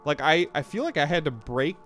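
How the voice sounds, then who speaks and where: A man's voice: a little high, lively intonation, a little fast, fairly bright tone, faint music behind. Jokey, rambling male game streamer. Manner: jokey, rambling, laughs at his own quips. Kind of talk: casual live game commentary.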